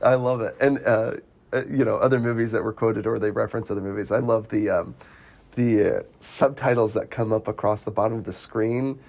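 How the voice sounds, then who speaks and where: A man co-hosting a casual movie chat, giggling often and acting out quotes in a high voice. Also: a little fast, gravelly, darkish tone. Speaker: podcast co-host.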